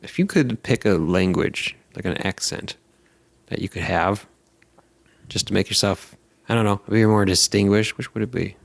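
Gravelly low-voiced American man, rambling. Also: moderate pace, no echo. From United States. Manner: rambling, jokey, breaks into silly high-pitched voices. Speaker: podcast host. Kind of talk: casual chat.

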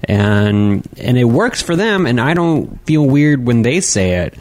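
A man's voice: medium pitch, very animated, unhurried, a little mellow. A man chatting casually on a podcast, hesitant and often laughing between thoughts. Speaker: podcast co-host.

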